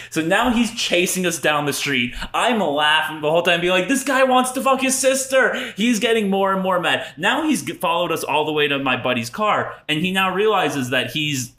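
A man's voice: fairly high pitch, bright, forceful tone, reverberant. A brash young man telling a party story on a podcast, laughing and acting out the people he quotes. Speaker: podcast co-host. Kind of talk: casual storytelling chat.

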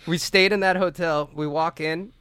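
Young male podcast co-host, raised voice, profane and animated storyteller, dry close mic. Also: on the high side, moderate pace, clean tone, no echo. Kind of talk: casual storytelling chat.

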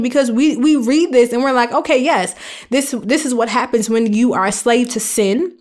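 A woman's voice: on the high side, brisk. A young adult woman hosting a faith podcast, talking in an earnest, conversational and emphatic way. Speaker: podcast host.

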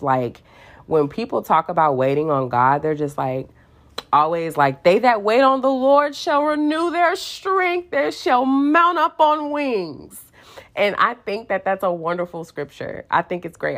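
A young woman in casual faith talk, telling stories with sass and slang and acting out quoted voices. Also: extremely low pitch. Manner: sassy, animated storytelling with slang and quoted voices.

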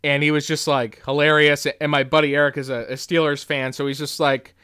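A man's voice: fairly high pitch, flat delivery, a little fast, bright, forceful tone, clean tone. A man hosting a podcast, telling a story in a casual, rambling way full of restarts. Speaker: podcast host.

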